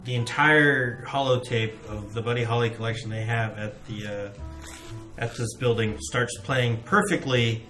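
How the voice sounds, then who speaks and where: A man's voice: medium pitch, fairly even intonation, a little slow, pushed and bright, soft background music. A man narrating as game master in a tabletop game, talking in a casual, joking way with lots of fillers.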